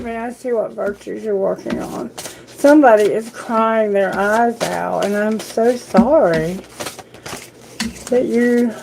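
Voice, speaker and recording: Slow, earnest woman giving a tarot reading. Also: fairly high pitch, background noise. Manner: earnest, sympathetic, speaks directly to Spirit and viewers. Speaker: tarot reader.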